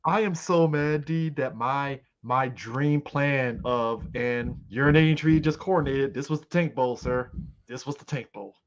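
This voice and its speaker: A podcast co-host jokes and swears his way through game breakdowns on a casual sports chat show, laughing easily. His mid-range male voice is unhurried, and the audio sounds dull.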